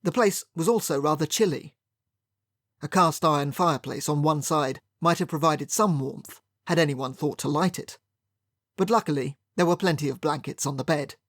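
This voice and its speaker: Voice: mid-range voice, no echo. Wry, dry audiobook narrator. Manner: wry, dry, measured storytelling. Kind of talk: scripted first-person audiobook narration.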